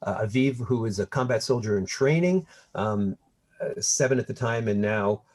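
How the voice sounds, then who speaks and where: A man in his fifties from Montreal, a guest historian speaking in a conversational lecture with an animated, wry storytelling manner over a video call. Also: on the low side, moderate pace, a little hiss or hum.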